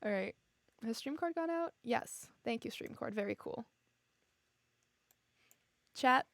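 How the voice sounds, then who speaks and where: A woman's voice: fairly high pitch, lively intonation, takes it slowly, fairly bright tone, dry recording. A young adult woman streaming from home, chatting casually with her viewers in a giggly, easily emotional way. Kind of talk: casual chat with live viewers. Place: home room.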